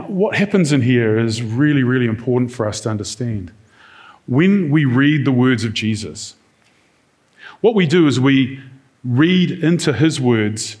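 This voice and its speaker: A man preaching a sermon in a conversational way, now and then acting out quoted lines in different tones. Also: medium pitch.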